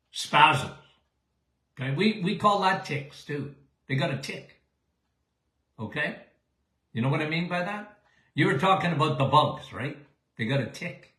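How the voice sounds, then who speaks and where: A man's voice: a little high, bright, forceful tone, roomy sound. An older man hosting a live Q&A show as a doctor answering listener questions, folksy and emphatic, often checking in with "okay?".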